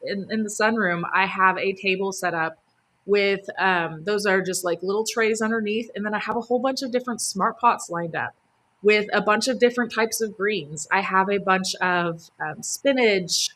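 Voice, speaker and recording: A woman hosts a live gardening stream from home, talking in an eager, chatty way full of little fillers and laughter. Her voice is bright and forward. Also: medium pitch, normal speed. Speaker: gardening host. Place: home near a sunroom.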